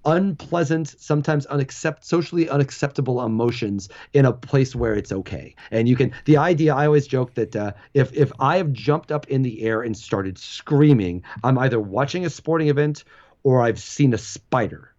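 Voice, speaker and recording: Middle aged guy chatting as a guest, lively, laughs a lot, kinda muffled lo-fi audio. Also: medium pitch, normal speed. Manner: animated, laughs often, frequent restarts. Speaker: guest, former sports website founder. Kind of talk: casual interview talk. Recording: dull lo-fi audio.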